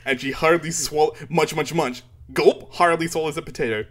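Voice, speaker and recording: A man chatting casually, retelling a story in an animated way with frequent laughter and swearing. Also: on the high side, fairly quick. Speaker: podcast co-host. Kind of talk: casual chat retelling a manga chapter.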